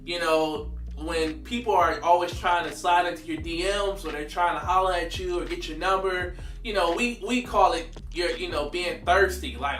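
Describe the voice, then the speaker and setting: A man in his thirties telling a story in a slangy, animated way, laughing often. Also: high-pitched, normal speed, roomy sound, far from the mic. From United States. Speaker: vlogger. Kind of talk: casual storytelling.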